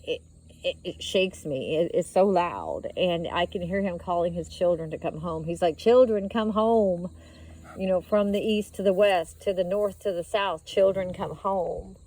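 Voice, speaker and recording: A woman's voice: medium pitch, darkish tone, low-quality recording. Earnest woman filming a phone vlog outdoors. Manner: earnest, rambling, emotional, with frequent fillers. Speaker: vlogger sharing a dream. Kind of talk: casual testimony to camera. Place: outdoors walking her dog in town.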